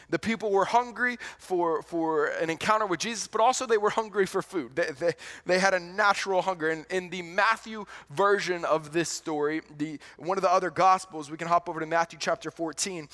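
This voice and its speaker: High-voiced, conversational male pastor. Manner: conversational and animated, repeats words in restarts. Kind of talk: sermon.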